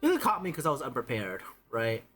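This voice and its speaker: Male streamer, casual chat, halting repeated words, faint music behind. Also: medium pitch, big pitch swings, fairly bright tone.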